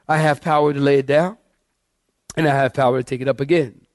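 A man's voice: mid-range voice, steady tone, brisk, no room sound. Emphatic male preacher, dry sound. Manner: preacher addressing congregation as saints, asking them to follow along; emphatic, varying pace and volume for effect. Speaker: pastor. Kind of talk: expository sermon reading scripture.

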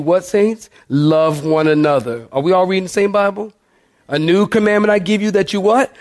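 A male pastor preaching a sermon, drawing call-and-response from his congregation and slowing down on key words. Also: fairly high pitch, darkish tone, no room sound, studio quality. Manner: call-and-response, asks congregation "what, saints?"; emphatic, slows down on key words. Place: church sanctuary with congregation.

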